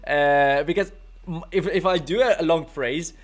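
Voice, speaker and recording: A man's voice: fairly high pitch, normal speed. A young man with a French accent who speaks English as a second language, hosting a casual live-stream podcast. He laughs often and hunts for words. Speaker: podcast host.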